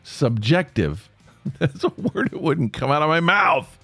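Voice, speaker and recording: A man's voice: fairly high pitch, expressive, a little slow, pushed and bright, no echo, faint music behind. A man with an Appalachian accent, hosting his own podcast and talking in a rambling, self-correcting way with frequent chuckles. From East Tennessee. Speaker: podcast host. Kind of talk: casual monologue.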